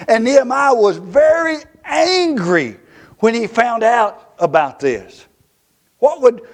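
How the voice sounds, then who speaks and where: A male pastor with a Southern US accent preaching a fiery, emphatic sermon in a church, swinging from loud to hushed. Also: fairly high pitch, slightly rough.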